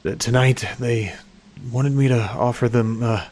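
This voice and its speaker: An actor playing an anguished young husband under a dark curse in a horror audio story, confessing in halting, stammering bursts. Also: male voice, mid-range voice, lightly acted. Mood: tormented confession.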